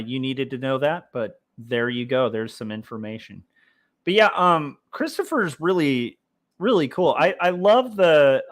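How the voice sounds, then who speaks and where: This livestream host draws comics as he talks, loosely chatting and reading chat messages aloud. He has a mid-range, slightly bright voice and wanders along with many fillers and false starts.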